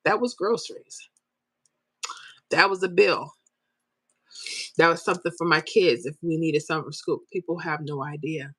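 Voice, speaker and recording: A lower-pitched woman hosts a live stream and chats straight to her viewers. She is open and emotional as she reads out comments. The sound is dry and close, with no room around it. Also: normal speed, long pauses, a bit bright, husky, no room sound. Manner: emotional, tearful at times, talks straight to viewers. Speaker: lottery numbers YouTube host.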